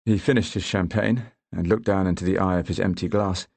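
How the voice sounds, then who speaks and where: A man narrating an audiobook in a measured, even way. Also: low-pitched, vocal fry, dry recording. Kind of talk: scripted narration.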